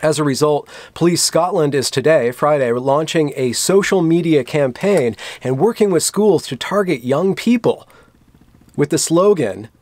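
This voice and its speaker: Sardonic man with a higher voice. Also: lively intonation, normal speed, darkish tone, no room sound. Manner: dry, sardonic asides between read-out quotes. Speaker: commentary vlogger. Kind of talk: sarcastic commentary.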